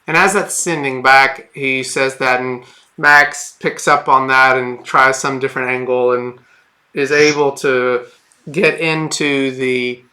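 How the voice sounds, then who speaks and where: A man's voice: mid-range voice, steady tone, slow, sharp tone. A man running a tabletop game as game master, narrating in a rambling, hesitant way with many fillers and restarts.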